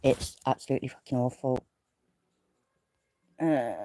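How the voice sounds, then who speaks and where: Speaking with a very deep, mellow voice, flat delivery, normal speed, and long pauses, a woman runs a casual live chat from bed away from home. There's no camera, just audio; she rambles, puts herself down, and greets viewers by name. The recording is dry.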